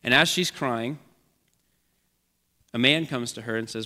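A man's voice: mid-range voice, a little slow, pushed and bright, in a large hall. A man preaching a sermon as the church's pastor, speaking with an earnest, repetitive preaching cadence.

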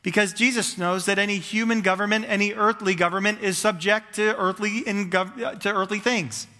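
A male pastor preaching with a high, bright, forceful voice. He stacks clause on clause in fervent, building runs. His voice rings with the long reverb of a large hall. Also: fairly even intonation, moderate pace. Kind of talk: sermon.

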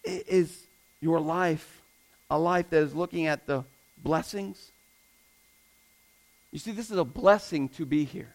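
A man's voice: fairly high pitch, unhurried, long pauses, poor audio. A man preaching a sermon as pastor, emphatic, repeating his points and asking the congregation rhetorical questions.

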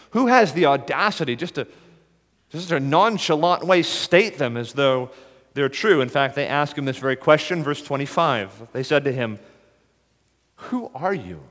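A man preaching an earnest, measured expository sermon as a pastor. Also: mid-range voice, fairly bright tone, long reverb tail.

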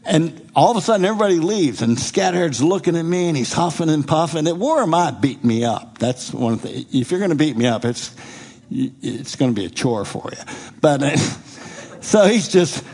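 A middle-aged man with a husky voice tells his testimony from the pulpit like a storyteller. His pitch swings up and down as he acts out the people in his story. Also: normal speed. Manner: animated storyteller who acts out quoted speech. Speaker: preacher giving a testimony.

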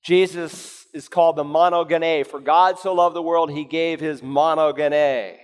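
Pastor guy preaching, pretty high voice, big echoey church sound. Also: unhurried, clean tone. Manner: animated preaching, acting out quoted voices. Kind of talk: sermon. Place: church sanctuary. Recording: long hall reverb.

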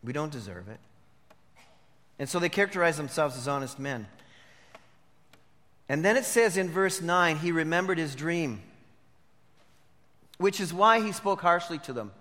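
A pastor preaching a sermon, moving between hushed reflection and emphatic declarations. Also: male voice, fairly high pitch, expressive, normal speed, pauses often, big-room sound.

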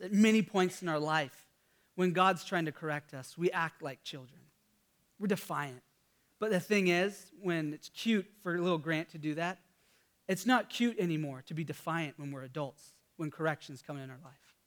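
A man's voice: high voice, normal speed. A man in his thirties, a pastor, preaching a sermon in a conversational storytelling way, with fillers and restarts.

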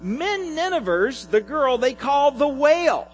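A man voicing a self-absorbed college girl who brushes off every request, high and prim. Her pitch sits well up and swings widely as she protests. Soft music plays underneath. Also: very animated, unhurried, full character voice, rough recording. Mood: haughty. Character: self-absorbed young woman student, dismissive.

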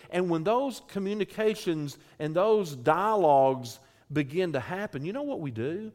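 Man, church host, earnest, slightly high voice, small restarts. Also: normal speed, few pauses. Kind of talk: addressing a congregation.

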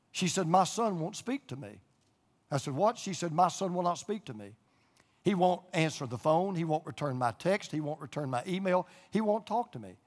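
Older male preacher in a reverberant hall. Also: sits high. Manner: folksy storytelling preacher, emphatic repetition. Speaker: pastor. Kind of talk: sermon. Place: church auditorium with a live and online audience.

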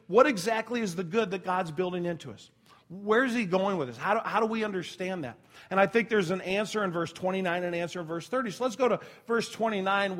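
A middle-aged man preaching a sermon as pastor, talking conversationally with asides and self-corrections, sometimes dropping almost to a whisper. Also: sits high. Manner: drops to a near whisper when telling a quiet story.

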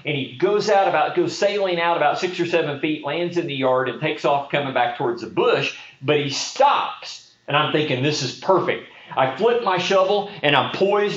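A man preaching a sermon, telling a lively story with quick, animated delivery and a casual manner. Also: fairly high pitch. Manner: animated storyteller, speeds up in action. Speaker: pastor. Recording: roomy, slightly dull sound.

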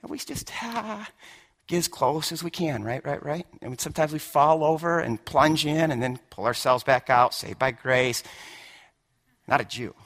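Preacher, man; emphatic sermon delivery, bright and pitched a bit high, drops low then builds to shouts. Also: lively intonation, moderate pace. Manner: emphatic, repeats words, swings from hushed to shouting. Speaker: pastor.

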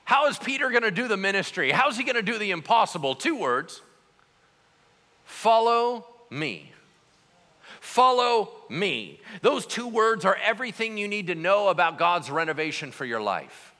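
Animated high-voiced male preacher. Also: a little fast, hardly any pauses, long reverb tail. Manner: animated, conversational preaching, asks the congregation questions. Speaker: pastor. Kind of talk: sermon.

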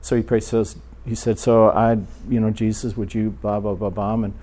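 Guy preaching, tells stories, acts out the prayers, goes real quiet at times. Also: on the low side, moderate pace. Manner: animated storyteller, acts out prayers, drops to a hush. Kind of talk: sermon with storytelling.

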